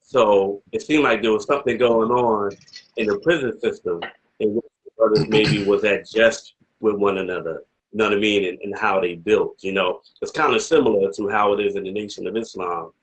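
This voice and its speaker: A man with a lowish, fairly even voice speaks briskly as he interviews an elder in a casual discussion. He rambles with many "you know what I mean" asides before pressing emphatic questions. The audio is poor.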